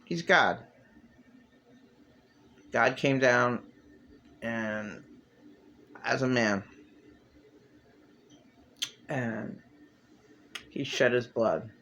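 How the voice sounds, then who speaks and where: A man delivering a rambling, agitated religious monologue to camera, bitter and ranting, with sudden leaps in pitch. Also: very slow, pauses often, sharp tone, dull audio, a little hiss or hum. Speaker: vlogger.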